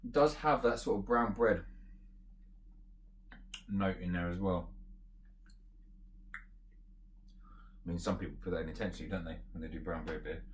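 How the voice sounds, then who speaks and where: A man giving a casual beer review, talking in a relaxed, rambling way and thinking aloud with fillers as he tastes. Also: deep voice, unhurried, long pauses, a little hiss or hum. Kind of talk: casual beer tasting chat.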